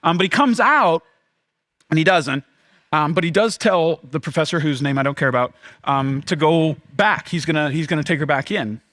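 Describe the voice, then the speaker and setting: High-voiced pastor preaching casually. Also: male voice. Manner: casual, conversational preaching with many fillers; shifts between lively emphasis and hushed, slow delivery. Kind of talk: sermon.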